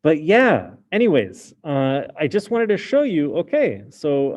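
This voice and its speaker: A man's voice: a little high, huge pitch swings, unhurried, few pauses, darkish tone. A man teaching a French class in a casual explaining way, with many fillers. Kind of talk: recorded class lesson.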